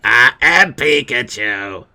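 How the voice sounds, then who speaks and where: A man voicing a small, washed-up male mascot creature in a higher, louder chirpy voice. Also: lively intonation, slow pace, vocal fry, heavily acted. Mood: deadpan.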